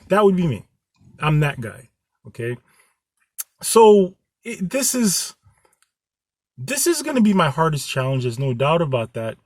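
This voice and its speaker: A man speaks straight to his viewers in an earnest, rambling way, often stopping and restarting his sentences. His voice sits a bit high and moves a lot up and down. The sound is close and dry. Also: very animated, measured pace, pauses often, darkish tone, no echo. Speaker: channel host. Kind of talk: candid vlog talk to viewers.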